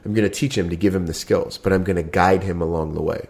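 A middle-aged man co-hosting a podcast, calmly explaining ideas with step-by-step everyday examples. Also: deep voice, quick pace. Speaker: podcast co-host. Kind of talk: casual podcast chat.

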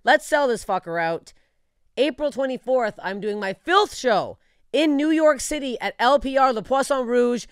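Woman, podcast host, brash, profane, laughs a lot, smooth voice, dry recording. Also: on the high side, expressive, normal speed, no echo. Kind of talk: casual chat and tour ad read.

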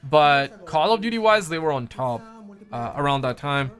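A man's voice: fairly high pitch, expressive, normal speed, a bit bright, faint music behind. A man live-streaming games, chatting loosely in slang and answering his chat through a headset mic. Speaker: gaming streamer.

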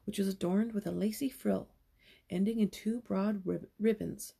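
A woman's voice: medium pitch, steady tone, moderate pace, creaky, warm tone, breathy edge. A young woman reading a children's novel aloud as a storyteller, with casual asides between passages.

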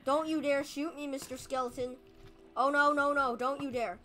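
A woman giving casual gameplay commentary as a video host, excitable, pleading with and scolding creatures in the game. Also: high voice, moderate pace. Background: background music.

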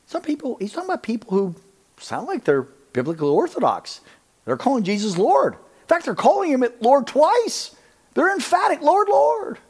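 A man teaching on scripture in an animated preaching style. He talks emphatically, often asks his listeners whether they see his point, and drops to a hushed voice to stress a line. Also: extremely high pitch, normal speed, husky. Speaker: Bible teacher.

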